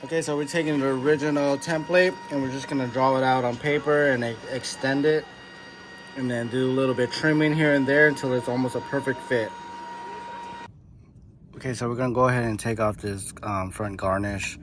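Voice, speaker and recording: Speaking a little fast over a noisy background, the body shop builder keeps a steady tone in his mid-range voice. It's casual how-to narration from a garage workshop, walking through a custom car part build step by step with fillers.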